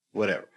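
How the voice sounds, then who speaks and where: A middle-aged man doing stand-up comedy, telling a story with animated swings between low muttering and loud punchlines, at a live venue with an audience. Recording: live show with crowd noise. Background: audience laughter.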